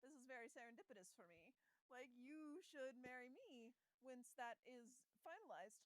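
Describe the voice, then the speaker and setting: A high-pitched woman co-hosting a chatty podcast. She retells a story with animated energy and often laughs as she acts out the lines. The sound is close and dry. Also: moderate pace, no room sound, low-quality recording. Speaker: podcast co-host. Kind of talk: casual chat.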